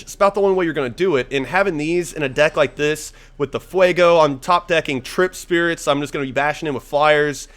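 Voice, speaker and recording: A man's voice: on the high side, fairly bright tone, smooth. A young man giving casual, profane gameplay commentary as he plays a card game, rambling and thinking aloud. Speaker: gaming YouTuber.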